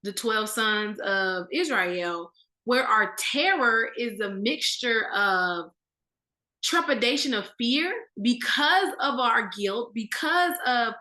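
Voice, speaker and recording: Animated woman leading a casual Bible study. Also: a little high, slow pace, echoey room. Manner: animated, conversational, with slang.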